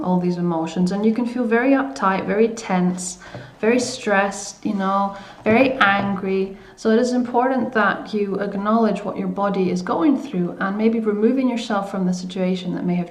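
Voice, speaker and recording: A woman coaching viewers in a self-help video, speaking gently and hesitantly, with many fillers and restarts. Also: medium pitch, reverberant, a little hiss or hum.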